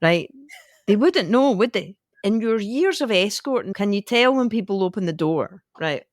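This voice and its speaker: A woman's voice: medium pitch, expressive, moderate pace, no echo, studio quality. A Scottish woman co-hosting a podcast, chatting casually and asking playfully curious, teasing questions. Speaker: podcast co-host. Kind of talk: casual chat.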